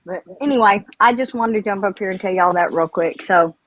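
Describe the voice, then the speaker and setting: A woman's voice: medium pitch, brisk, fairly bright tone, rough recording. An older woman, calling into a live stream, emotional and rambling, close to tears.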